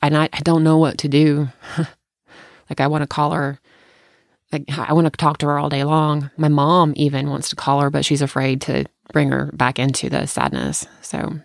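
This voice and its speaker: A woman telling a personal story in casual conversation, emotional and halting, often restarting her sentences. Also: low voice, gravelly, dry recording. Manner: tender, close to tears at times.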